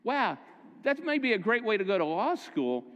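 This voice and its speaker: High-voiced preacher in a ringing hall. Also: male voice, sing-song, normal speed, a bit bright, dull audio. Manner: conversational storytelling preacher, self-correcting. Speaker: pastor. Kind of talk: sermon. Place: church sanctuary.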